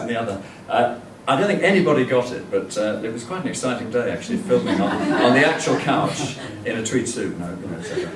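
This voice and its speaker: A man's voice: mid-range voice, slight background noise. An older man giving a chatty, rambling public lecture full of fillers and restarts. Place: lecture hall. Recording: echoey hall, distant mic.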